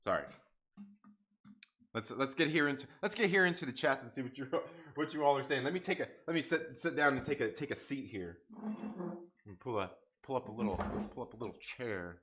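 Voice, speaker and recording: A young man hosting a casual livestream review, excitable, repeating himself and swearing often. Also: medium pitch, fairly quick. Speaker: YouTube show host reviewing TV episodes.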